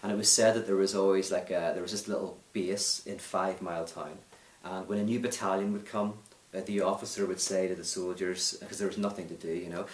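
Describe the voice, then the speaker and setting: Emphatic Northern Irish man, low voice. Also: fairly even intonation, brisk. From Northern Ireland. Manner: emphatic, challenging. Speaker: speaker and author, interview guest. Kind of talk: interview answer, storytelling. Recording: roomy, distant mic.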